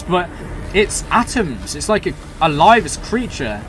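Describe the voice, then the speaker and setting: A young man hosting a show reaction, rambling excitedly with lots of "like" and "man". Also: on the high side, slow, soft background music. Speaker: reaction video host. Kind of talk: excited casual reaction talk.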